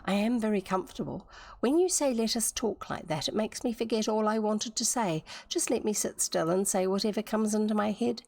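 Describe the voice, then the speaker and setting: A woman voicing a curious, wilful young girl, speaking high and eagerly in a storybook reading. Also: fairly quick, vocal fry, darkish tone, no room sound. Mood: protesting.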